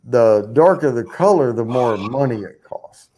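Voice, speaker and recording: A man on a live stream telling a casual, animated story, swearing freely and acting out the other people's voices. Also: mid-range voice, a little slow, muffled recording, slight background noise. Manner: animated, profane, acts out voices.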